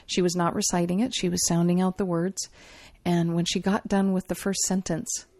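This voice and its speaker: Low gravelly woman telling a story. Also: no echo. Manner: warm, animated storyteller. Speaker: podcast co-host. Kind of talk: casual chat, storytelling.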